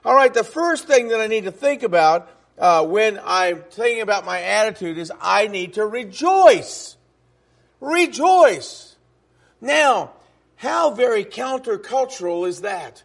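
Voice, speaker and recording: Preaching to a congregation in a strikingly high voice, a man speaks with emphasis and keeps asking the room rhetorical questions. His delivery is sing-song and measured, with vocal fry and a fairly bright tone.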